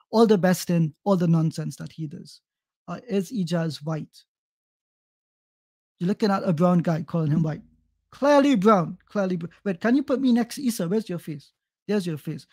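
A man from South America co-hosting a livestream, hesitant with fillers but turning to sharp, mocking put-downs. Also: high voice, no room sound. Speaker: co-host. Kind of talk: casual livestream chat.

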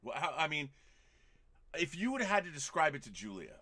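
A man's voice: fairly high pitch, sing-song, a little fast, pushed and bright. A man hosting a casual movie chat, enthusiastic and digressive, talking in long run-on thoughts. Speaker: podcast host.

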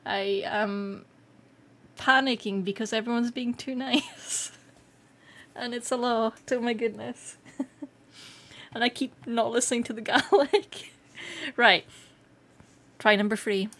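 A Scottish woman streaming live, chatting casually with viewers, excitable and quick to laugh. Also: a little high. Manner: excitable and giggly, laughs often. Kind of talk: casual livestream chat.

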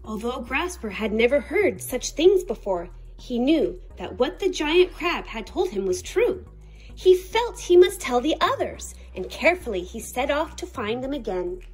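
A woman reading a picture book aloud as storyteller, expressive and unhurried. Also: sits high, husky, faint music behind. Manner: expressive and slow-paced.

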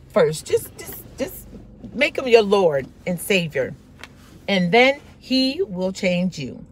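A woman delivers a devotional message with fervent, prayerful repetition. Her voice sits at an ordinary pitch for a woman, and clear vehicle noise runs under the recording. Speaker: preacher. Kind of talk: devotional exhortation.

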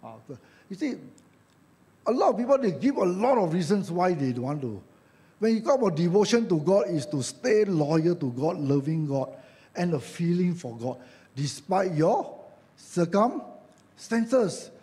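A man speaking Malaysian-accented English gives a sermon as a church elder, his high, dark voice very animated and a bit slow. Along the way he jokes chattily, acts out quoted voices, and throws in tag questions.

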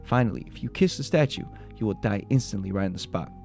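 A man's voice: fairly low pitch, lively intonation, vocal fry. A man hosting a video that retells urban legends, jumping between spooky storytelling and joking reactions. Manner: quick, mixes spooky retelling with joking asides. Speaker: video host. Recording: soft music behind the voice.

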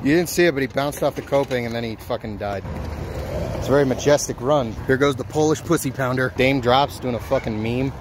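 A young man filming a BMX session with friends, crude and excitable, yelling often, his voice cracking as he gets sick. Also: mid-range voice, fairly quick. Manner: excitable, crude, yelps and shouts. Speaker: BMX vlogger. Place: outdoor skatepark. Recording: outdoor noise behind voice.

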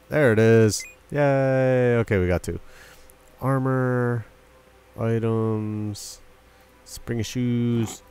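A man's voice: on the low side, a little mellow, clear, resonant tone. A young man giving casual gameplay commentary, chatting with game characters and breaking into yelps and silly sound effects. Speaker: let's play commentator.

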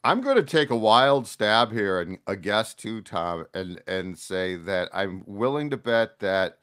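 A man's voice: lowish voice, unhurried, clean tone. A man appearing as a sports writer guest, talking casually and trading jokes with the host. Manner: lively, joking banter.

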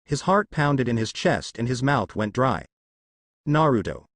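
A man reading a comedic fan fiction story aloud, his pitch rising and falling with animation. The sound is close and dry, with no room around it. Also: big pitch swings, unhurried, fairly bright tone, no room sound. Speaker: narrator.

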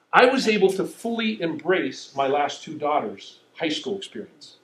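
A middle-aged man preaching a sermon, telling stories in an animated, self-mocking way. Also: a little high, a little slow, echoey room, background noise. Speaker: pastor.

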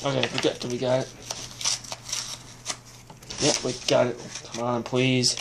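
Young adult unboxing host, slow drawl, mutters and curses under breath. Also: mid-range voice, level tone, vocal fry, background noise. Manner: muttering to themself, swearing in frustration. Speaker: video host opening trading card packs. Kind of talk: casual unboxing commentary.

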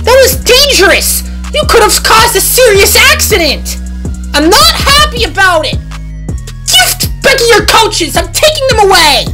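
A woman voicing a stern male railway boss who scolds loudly in a storybook tale. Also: mid-range voice, fairly even intonation, moderate pace, music in the background, lightly acted. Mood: scolding. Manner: shouting, indignant scolding.

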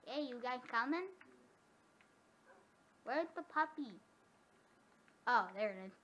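A woman giving casual gameplay commentary, excitable and often gasping or squealing. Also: a little high, slow, long pauses. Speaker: gamer. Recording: dull lo-fi sound with faint noise.

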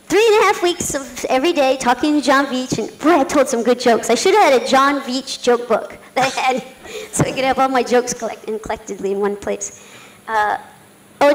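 A middle-aged woman, a jockey, tells a story on stage at a conference. She talks quickly and animatedly, laughing often and filling pauses with casual fillers. Her voice sits somewhat high. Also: rough recording. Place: conference hall.

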